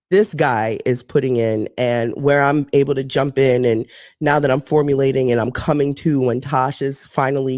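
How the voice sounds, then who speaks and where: A woman's voice: low-pitched, dry recording, studio quality. Candid, rambling woman hosting a live show. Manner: rambling, candid, swears freely; animated storyteller who acts out voices. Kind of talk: casual live-show chat.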